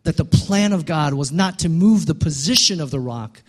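A male pastor preaching a sermon, building to loud, emphatic peaks and dropping quiet again. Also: on the high side, animated, normal speed.

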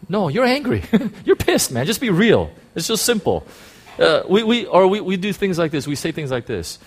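A man pastor preaching a sermon in a conversational way, with rhetorical questions and quick acted-out quotes of churchgoers. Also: sing-song. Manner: acts out quoted church talk in sudden high bursts.

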